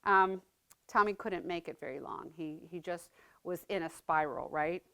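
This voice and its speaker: A woman's voice: on the low side, moderate pace, pushed and bright, clean tone. A middle-aged woman giving a personal testimony talk, conversational and earnest, often checking in with the audience by asking "right?". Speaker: speaker sharing her story as a mother.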